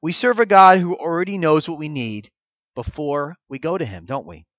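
High-voiced man preaching. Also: animated, moderate pace, no room sound, highs cut off. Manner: conversational, emphatic. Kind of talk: sermon.

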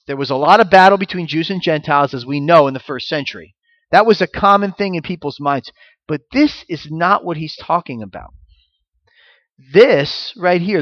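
A man's voice: on the high side, a bit bright, no room sound, dull audio. A man giving a sermon as pastor, teaching through rhetorical questions and repeated phrases.

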